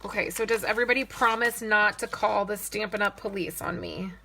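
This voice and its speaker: A chatty woman runs a casual live crafting demo, thinking out loud and talking straight to her viewers. Her voice is bright and forward, and a faint hiss sits under it. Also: medium pitch, steady tone, brisk. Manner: reads and answers viewer comments. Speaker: card-making demonstrator.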